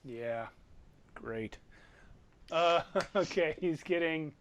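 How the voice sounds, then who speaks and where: A man's voice: fairly high pitch, very slow, a bit bright, smooth. A man narrating and running combat as game master of a tabletop game, describing the blows vividly and energetically.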